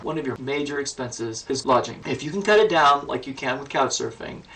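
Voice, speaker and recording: A man's voice: medium pitch, a little fast, bright, forceful tone. A man in his fifties talking matter-of-factly in a casual interview. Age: 50s. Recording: distant mic with faint music.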